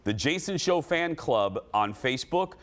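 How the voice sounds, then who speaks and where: A man in his forties hosting a talk show, telling stories with laughter and animated banter. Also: fairly high pitch, a little slow.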